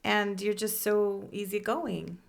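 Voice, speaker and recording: A woman co-hosting a casual podcast, talking affectionately and softly, laughing easily. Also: mid-range voice, steady tone, slow pace, creaky. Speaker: podcast co-host. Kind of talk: casual chat.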